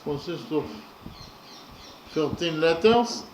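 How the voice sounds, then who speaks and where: Slow, deliberate man in an echoey room. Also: a little high, lively intonation. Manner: deliberate, counts syllables aloud, frequent fillers. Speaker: lecturer on poetry. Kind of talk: slow analytical lesson. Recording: echoey room with audible background noise.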